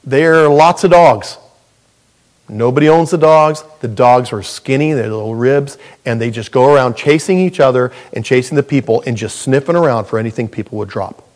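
A middle-aged man preaching a sermon as pastor, animated and jokey, with sudden loud high bursts. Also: moderate pace.

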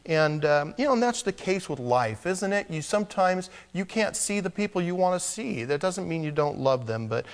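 Conversational preacher man, hushed to emphatic. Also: sits high, very animated, normal speed, hardly any pauses. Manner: conversational preaching, shifting from hushed near-whispers to emphatic exhortation. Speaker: pastor. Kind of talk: expository sermon.

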